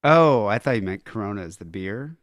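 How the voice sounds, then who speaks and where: A man's voice: fairly low pitch, lively intonation, normal speed, fairly bright tone, dry recording, studio quality. Offhand man hosting a podcast. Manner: rambling, offhand. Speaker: podcast host. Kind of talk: casual chat.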